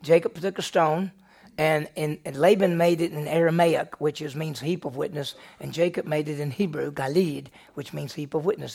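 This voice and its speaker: A man with a slightly high, gravelly voice leads a Bible study sermon. He talks with animation and keeps throwing rhetorical questions at his listeners. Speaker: Bible teacher.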